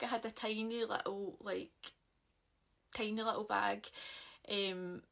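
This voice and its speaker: Young woman, Glasgow accent, gravelly, casual storytelling, swears freely. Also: mid-range voice, slow pace, long pauses, low-quality recording. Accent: Scottish, Glasgow. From Scotland. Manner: animated, swearing, loud when quoting herself.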